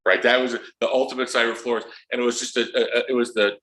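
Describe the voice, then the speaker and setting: A man in his fifties tells comic stories as a guest author, slipping into quick character bits as he goes. His voice is bright and sits at a middling pitch. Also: flat delivery, poor audio. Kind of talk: animated storytelling.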